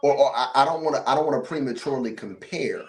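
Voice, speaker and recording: A man's voice: medium pitch, quick pace, a little mellow, a little hiss or hum. A man speaking as a guest on a live stream, earnest and careful, with stumbling restarts.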